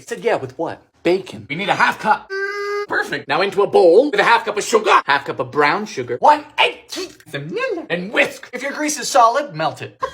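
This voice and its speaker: A man from Bermuda, hosting a cooking show with comedic recipe narration, theatrical wry asides and sudden jumps into high exclamations. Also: a bit bright.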